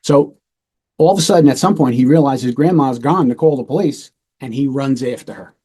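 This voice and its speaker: A middle-aged man with a dark, mellow voice tells a true-crime case in a relaxed, matter-of-fact way. He speaks as a former police lieutenant hosting a talk show and briefly acts out the voices of the people in the story. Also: mid-range voice, brisk, husky. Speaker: retired police lieutenant, podcast host.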